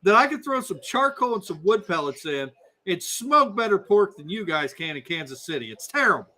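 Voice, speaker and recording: Blunt sweary guy ranting on a race livestream, kinda high voice. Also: sing-song, brisk, bright, forceful tone. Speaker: livestream co-host. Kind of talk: casual race-watching chat.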